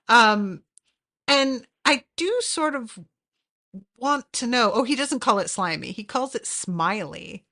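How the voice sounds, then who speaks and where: A woman's voice: fairly high pitch, lively intonation, a little slow, bright, forceful tone. A woman hosting a podcast, chatting casually and animatedly with lots of fillers and swearing. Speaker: podcast host. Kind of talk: casual recap chat.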